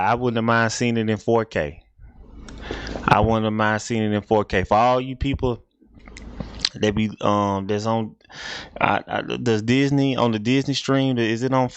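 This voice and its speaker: A man's voice: mid-range voice, clear, resonant tone, no room sound. A man hosting a casual reaction video, talking in a rambling, repetitive, laid-back way.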